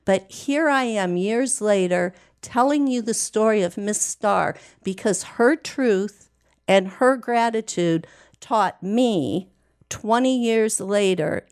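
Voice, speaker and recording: A woman, a guest, telling a personal story slowly, deliberately and earnestly. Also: mid-range voice, darkish tone, smooth.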